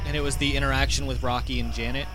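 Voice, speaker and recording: A man co-hosting a casual podcast, chatty and quick to laugh while telling a story. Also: medium pitch, little pitch movement, background noise. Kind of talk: casual chat.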